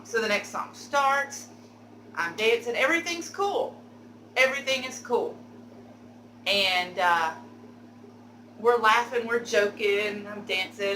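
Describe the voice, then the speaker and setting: A woman telling a candid, animated story for her vlog, cursing now and then. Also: on the high side, echoey room, a little hiss or hum, poor audio. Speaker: beauty vlogger telling a story.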